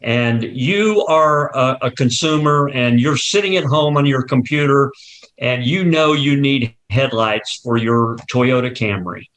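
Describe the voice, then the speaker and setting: A man's voice: medium pitch, measured pace, a bit bright. A man being interviewed as a company marketing executive, explaining his business through long walk-through examples and often restarting his sentences.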